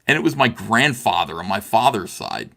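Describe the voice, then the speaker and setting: Gravelly impassioned middle-aged man. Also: fairly low pitch, huge pitch swings, normal speed, sharp tone. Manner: impassioned, repetitive, restarts with many "uh"s. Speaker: livestream guest. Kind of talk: heated livestream talk.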